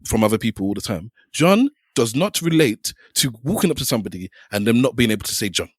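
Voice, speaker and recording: Fast-talking man. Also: mid-range voice, big pitch swings, slightly rough, dry recording, clean studio sound. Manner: fast, explanatory, talks over others. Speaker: podcast co-host. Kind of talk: casual chat.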